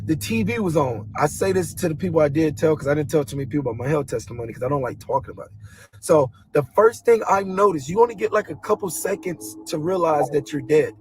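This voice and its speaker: A man earnestly telling a dramatic personal story, acting out booming noises as he goes. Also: expressive, fast, darkish tone, slight background noise, poor audio. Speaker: guest telling a personal testimony.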